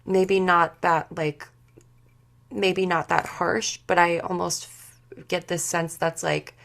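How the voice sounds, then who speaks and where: A woman giving an intuitive spiritual reading to a group, speaking haltingly and searching for words with many fillers. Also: lowish voice, level tone, vocal fry, a bit bright. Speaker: spiritual session leader.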